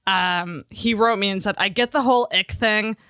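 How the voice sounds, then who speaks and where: A woman's voice: medium pitch, moderate pace, bright, forceful tone, clean tone, no room sound, studio quality. A young woman co-hosting a podcast, chatting casually and animatedly with lots of filler words and laughter. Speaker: podcast co-host.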